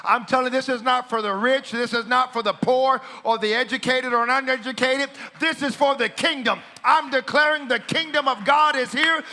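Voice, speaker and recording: A man preaching a sermon, shouting declarations, then dropping to quiet teaching. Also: very high-pitched, steady tone, moderate pace, few pauses. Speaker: pastor.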